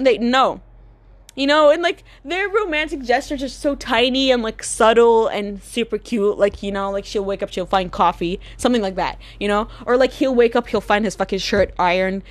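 A young woman with a slightly raised voice rants to camera in a loose, rambling monologue. She is sarcastic and swears freely, leaning on fillers as she goes. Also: fairly high pitch. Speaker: vlogger.

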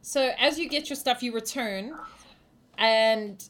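A woman's voice: fairly high pitch, takes it slowly, fairly bright tone. A woman narrating as game master in a casual tabletop game session.

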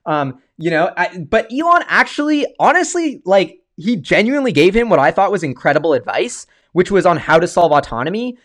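An excitable man hosts a loose livestream, talking in a rambling way and often stopping to restart his sentences. His voice sits a little higher than most men's. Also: fairly quick, hardly any pauses. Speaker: stock-market video host. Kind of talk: casual livestream commentary.

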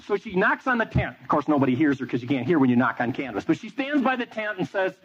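A man's voice: fairly high pitch, very animated, fast, hardly any pauses, slightly rough. A man preaching a sermon, telling a story with energy and quizzing the audience. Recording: dull lo-fi with faint noise.

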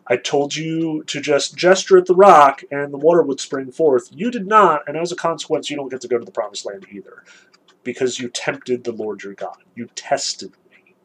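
A man voicing a stern, disappointed deity in a lowered, quiet, measured tone. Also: breathy edge, poor audio. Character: stern disappointed deity, male, calm authority.

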